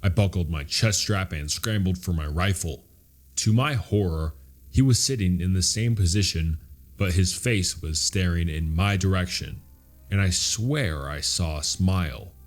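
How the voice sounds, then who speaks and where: A man reading horror stories aloud as a narrator, in a steady, measured storytelling style. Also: deep voice, soft background music.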